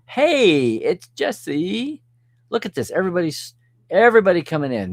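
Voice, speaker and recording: A man's voice: sits high, wildly swooping pitch, moderate pace, no room sound. Male live-stream host, casual, answers chat, dry close sound. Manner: chatty, reads and answers comments, chuckles often.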